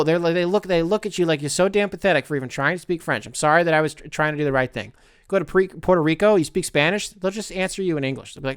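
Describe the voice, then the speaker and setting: A young man hosting a solo podcast, talking casually with a profane, rambling manner that swings between low mutters and loud outbursts. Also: expressive, fast talker, clean tone, dry recording, clean studio sound. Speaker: podcast host.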